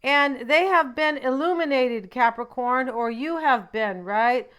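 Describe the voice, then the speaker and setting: A woman's voice: high voice, measured pace, a bit bright, clear, resonant tone. A woman giving a casual tarot card reading. She talks in a rambling, chatty way, drifting into asides and often tagging her thoughts with a questioning "right?". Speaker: tarot reader.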